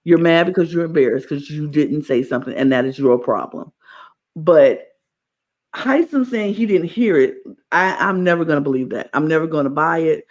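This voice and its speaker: This podcast co-host has a somewhat high voice and talks at an ordinary speed. In casual chat about reality TV, he goes on animated, emphatic rants and keeps repeating himself.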